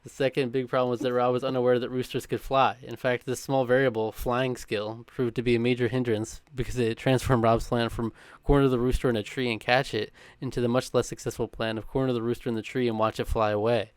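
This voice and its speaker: A man's voice: medium pitch, flat delivery, smooth, dry recording. A man co-hosting a podcast, reading a countdown script with a chuckle now and then, mixed with casual chat. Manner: brisk, chuckling between lines.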